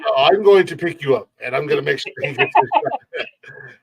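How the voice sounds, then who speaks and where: Male podcast co-host, slightly high pitch, profane rambling banter. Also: huge pitch swings, normal speed, creaky, husky. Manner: profane, rambling, laughing often.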